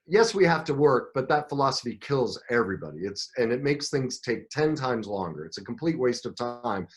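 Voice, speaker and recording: A middle-aged man speaks as a podcast guest, recounting his life with rising emotion and frequent restarts. His voice sits at an ordinary middle pitch for a man, and he shifts between hushed reflection and animated bursts. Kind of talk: storytelling interview talk.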